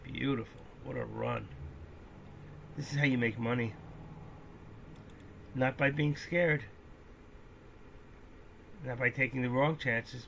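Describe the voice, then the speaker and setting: A man giving casual, rambling live-stream commentary on stock trades, joking and breaking into excitable outbursts. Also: medium pitch, vocal fry, a little hiss or hum. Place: indoors at home, seated.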